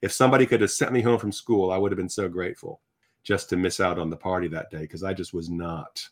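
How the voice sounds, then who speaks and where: A man, from Virginia, telling personal stories as a guest in an animated, chatty, self-deprecating way, with many restarts. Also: deep voice, quick pace. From Virginia, United States. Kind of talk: personal storytelling in conversation.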